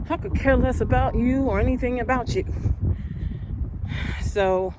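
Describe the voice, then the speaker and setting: A woman's voice: on the high side, measured pace, pauses often, noisy background. A woman chatting and telling a story while out walking, a little out of breath, growing heated as she talks. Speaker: vlogger. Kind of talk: casual walking vlog. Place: outdoors, walking.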